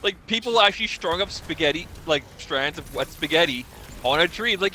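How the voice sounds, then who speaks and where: A man from the United States chatting casually with a streamer, offhand and lively. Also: on the high side, brisk, slight background noise. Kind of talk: casual chat while gaming.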